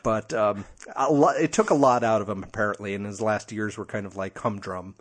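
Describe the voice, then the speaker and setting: A man's voice: fairly low pitch, fairly quick. A man co-hosting a casual podcast chat, rambling with many fillers and self-deprecating jokes. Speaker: podcast co-host.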